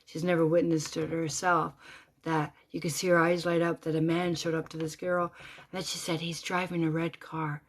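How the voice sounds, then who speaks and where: Woman storyteller, casual and animated, low-ish voice, shifts from whispers to loud bursts. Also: normal speed. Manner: animated, swinging between hushed whispers and loud exclamations.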